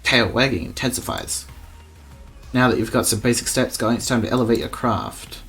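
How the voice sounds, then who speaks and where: A man's voice: medium pitch, lively intonation, normal speed, vocal fry, a bit bright, faint music behind. Man narrating a game playfully. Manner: joking, reading game text aloud. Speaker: let's player.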